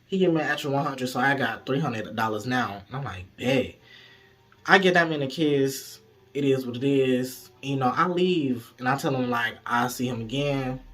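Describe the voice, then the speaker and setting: A man telling a story to viewers in a casual, profane, animated way, speaking straight to the audience. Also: medium pitch, normal speed.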